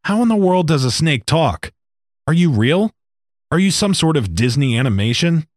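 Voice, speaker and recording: A man's voice: on the high side, big pitch swings, moderate pace, no echo, clean studio sound, pitched above the performer's own voice. A man voicing a parched, bewildered stranded man who fires off anxious questions.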